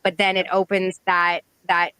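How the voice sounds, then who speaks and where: Guest, female, bright voice, dry close sound, earnest and filler-heavy. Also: lowish voice, level tone, unhurried, smooth, dry recording, poor audio. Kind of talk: casual live audio chat.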